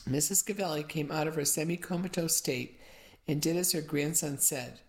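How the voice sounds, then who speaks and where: A woman narrating a first-person audiobook in a steady storytelling manner. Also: low-pitched, moderate pace.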